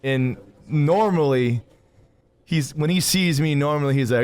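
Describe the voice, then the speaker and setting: A man's voice: mid-range voice, moderate pace, a little mellow, smooth. A man co-hosting a podcast, telling a rambling, profane story with frequent laughs. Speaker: podcast co-host. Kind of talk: casual chat, storytelling. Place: gym coffee bar.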